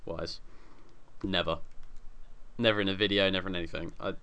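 A man's voice: low voice, fairly even intonation, brisk, bright, forceful tone, clean tone. A man co-hosting a podcast in casual chat, joking and laughing often. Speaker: podcast co-host.

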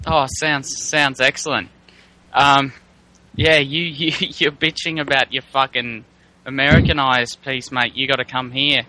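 A man's voice: medium pitch, little pitch movement, measured pace, bright, forceful tone, poor audio. A man joining a gaming podcast as a guest, laid-back and swearing, calling people mate. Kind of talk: casual gaming podcast chat.

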